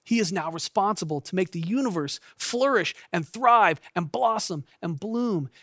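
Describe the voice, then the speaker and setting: A man in his thirties, a pastor, giving a sermon in a gentle, intimate storytelling way that often sinks to a soft hush. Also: sits high, expressive, moderate pace, dry recording, clean studio sound.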